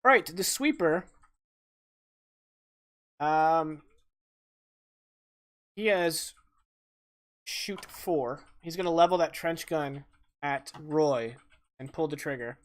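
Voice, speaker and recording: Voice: medium pitch, slow pace, long pauses. Casual game master calling turns. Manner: casual, narrates dice results and actions. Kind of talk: running a tabletop game.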